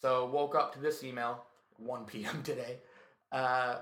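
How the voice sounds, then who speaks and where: A male comedian telling a story in casual chat, profane and animated, acting out what people said. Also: medium pitch, measured pace. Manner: profane, animated, tells stories with acted quotes. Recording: echoey room.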